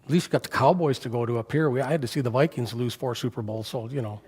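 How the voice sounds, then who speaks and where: An older man, serving as guest preacher, tells stories from the pulpit in a fast, mid-range voice that is a little mellow and slightly rough. He talks conversationally and questions the congregation, with the church sanctuary's echo around him.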